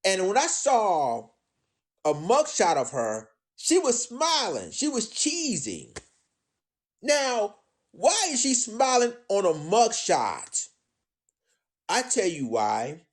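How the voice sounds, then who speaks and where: Man, live stream commentary, indignant, lively rising and falling pitch, slightly high voice. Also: slow. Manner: indignant, repetitive, addresses ladies and gentlemen. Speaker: commentator on current events.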